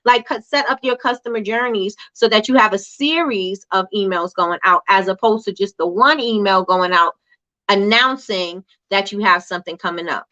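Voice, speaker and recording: Female host, chatty and repetitive, bright crisp tone, muffled lo-fi recording. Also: fairly high pitch, a little fast. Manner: conversational, repetitive, reads viewer comments aloud. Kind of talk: casual livestream business chat.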